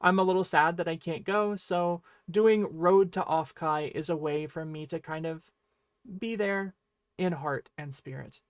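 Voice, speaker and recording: Male online language teacher, high voice, friendly and explanatory, dry close sound. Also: measured pace, smooth, dry recording. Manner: friendly explaining, often checking in with "right?".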